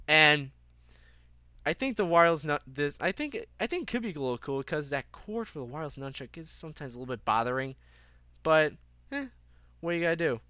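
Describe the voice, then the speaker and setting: A man's voice: on the high side, sing-song, fairly quick, sharp tone, clean tone, dry recording. A young man hosting a casual gaming news podcast, rambling with many fillers and restarts. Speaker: podcast host.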